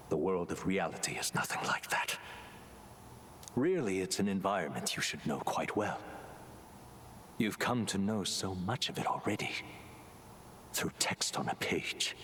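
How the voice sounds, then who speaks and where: An actor playing a mysterious, condescending male author in a video game, speaking in a slow, hushed, breathy whisper. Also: low voice, slight background noise. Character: mysterious grandiose male author, cold and lecturing.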